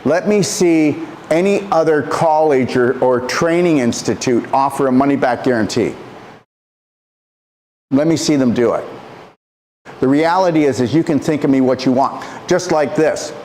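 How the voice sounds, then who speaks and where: A man, a natural health practitioner, delivering an impassioned motivational monologue, emphatic and preachy, repeating phrases and swinging his pitch up and down. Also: moderate pace, darkish tone, slight background noise.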